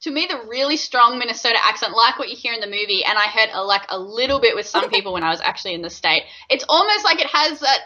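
Bright Australian woman on lo-fi audio. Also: a little high, fast, hardly any pauses. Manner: relaxed, laughs easily. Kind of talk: casual chat.

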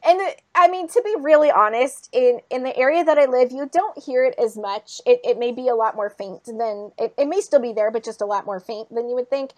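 A woman from northern Minnesota with a Minnesota accent, chatting casually and telling animated stories as a podcast host. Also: a little high, fairly quick, hardly any pauses. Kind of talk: casual chat.

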